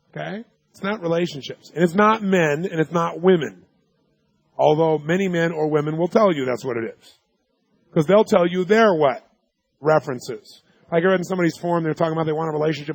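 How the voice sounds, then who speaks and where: Telling emphatic stories at a live seminar, this speaker quizzes the crowd with yes-or-no questions. His voice sits on the high side, a little mellow with vocal fry, and the recording has no room sound.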